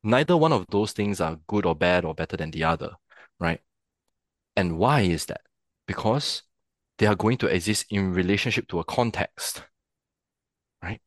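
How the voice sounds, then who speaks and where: A man with a deep, low voice explains his ideas as a podcast guest, thinking aloud and often checking in with the listener. He grew up in Singapore and talks in a reflective, conversational way. The recording is dry and close, with little room sound. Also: expressive, moderate pace, long pauses, no room sound. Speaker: podcast guest, theatre practitioner.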